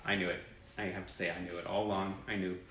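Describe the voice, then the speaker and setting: A man's voice: low-pitched, level tone, quick pace, fairly bright tone, reverberant, a little hiss or hum, poor audio. A man hosting a fan livestream, chatting enthusiastically and rambling as he reads old press clippings and greets viewers by name. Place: indoor room with sunlight through a window. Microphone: webcam or phone livestream.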